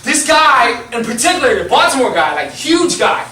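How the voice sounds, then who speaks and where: Young male preacher, animated storyteller, high voice, echoey hall, mic set at a distance. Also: normal speed, noisy background. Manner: animated storytelling, laughing, lots of fillers. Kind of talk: sermon. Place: church hall.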